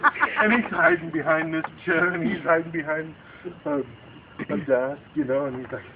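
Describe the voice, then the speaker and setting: This man speaks quickly in a slightly high voice, telling a spooky campfire tale to relatives around a night bonfire. He brings it to life by acting out the frightened characters' panicked words. The recording is noisy, tinny home video.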